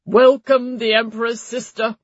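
A woman voicing a pompous older male high priest who drones formal words. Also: level tone, moderate pace, no room sound, muffled recording, natural voice. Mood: droning. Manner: droning, formal.

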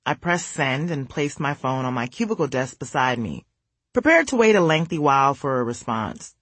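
Woman reading her own memoir, wry and candid, husky voice, dry close mic. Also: very deep voice, expressive, moderate pace, a bit bright, no echo. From United States. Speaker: memoir narrator. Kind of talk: audiobook memoir narration.

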